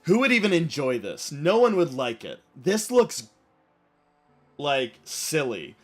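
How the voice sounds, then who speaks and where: A man putting on a dismissive, sneering grown man dressed in a unicorn outfit, in a lower voice than his own. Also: sing-song, takes it slowly, heavily acted. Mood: scornful.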